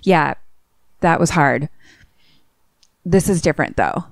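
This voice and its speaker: A woman's voice: low voice, takes it slowly, vocal fry, no echo, studio quality. A woman co-hosting a podcast, casually retelling a film scene by scene and acting out the characters' lines. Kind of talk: casual chat.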